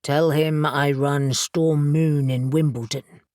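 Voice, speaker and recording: A woman's voice: low voice, steady tone, takes it slowly, darkish tone, no room sound, clean studio sound. A woman voicing a stern male wolf pack alpha with a London accent, speaking curtly and urgently. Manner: curt, urgent.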